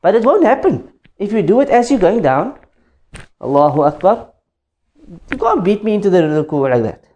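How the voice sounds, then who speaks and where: A man's voice: high voice, very animated, normal speed, pauses often, mellow, highs cut off. A man teaching a class on the rules of prayer, explaining step by step and often checking that students follow. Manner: demonstrates chanted phrases. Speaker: Islamic teacher.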